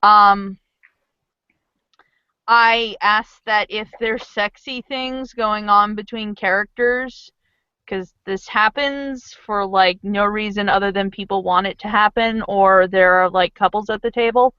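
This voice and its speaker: A woman game master in casual, chatty talk about a tabletop game, excitable and full of fillers. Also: medium pitch, slow, clean tone, dry recording, muffled recording.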